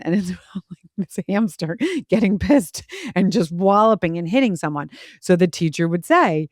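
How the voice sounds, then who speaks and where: A woman's voice: fairly low pitch, moderate pace, no room sound, studio quality. A woman in her forties hosting a podcast, telling stories in a chatty way and acting out quotes with a laugh. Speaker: podcast host. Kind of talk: casual conversation.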